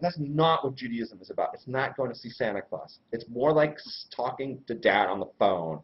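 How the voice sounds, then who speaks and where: A man giving a casual religious lesson in a slangy, irreverent, animated way, full of everyday examples. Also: mid-range voice, fairly quick, hardly any pauses. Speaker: Torah teacher and host. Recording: dull lo-fi recording.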